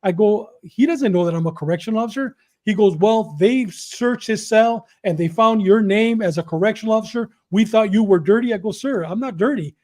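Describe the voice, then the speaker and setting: A man in his sixties from Southern California, a guest telling conversational stories and acting out the dialogue, often repeating and restarting phrases. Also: high-pitched. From Southern California, USA. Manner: animated, acts out dialogue in quick back-and-forth. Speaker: podcast guest, former correctional officer. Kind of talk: conversational storytelling.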